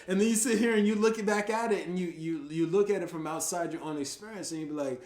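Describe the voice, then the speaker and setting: A man hosting a casual podcast, telling his stories with big swings from loud, laughing outbursts to low, murmured asides. His talk is slangy and full of swearing, and his voice sits a little high for a man. The sound bounces around an echoey room. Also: fast. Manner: profane, slangy. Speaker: podcast host. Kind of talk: casual chat.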